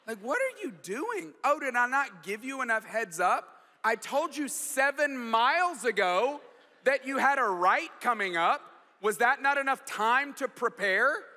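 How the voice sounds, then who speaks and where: A man's voice: extremely high pitch, normal speed, pushed and bright, big-room sound, pitched above the performer's own voice. A man putting on a playful, exaggerated impression of a female British GPS voice. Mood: scornful. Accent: put-on British. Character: British female GPS voice, polite, then mocking.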